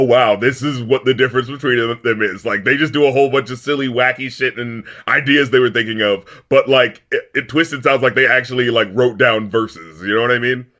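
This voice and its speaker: A man co-hosting a casual album review podcast, animated and joking, often laughing and acting out lyrics. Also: mid-range voice. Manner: animated, laughs a lot, acts out lyrics in silly voices. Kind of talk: casual comedic review chat.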